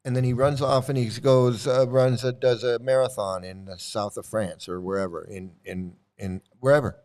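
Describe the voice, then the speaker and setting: A man's voice: medium pitch, steady tone, moderate pace, darkish tone. A man delivering a rambling, sarcastic commentary rant as an online commentator.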